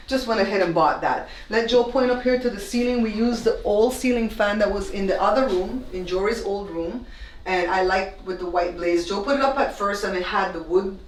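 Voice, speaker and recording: A woman's voice: medium pitch, a little hiss or hum. Chatty woman in an echoey room. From Belize. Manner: chatty, explaining step by step to viewers. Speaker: host. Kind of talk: casual home tour vlog. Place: newly renovated room, indoors. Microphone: camera held by her husband, some distance off.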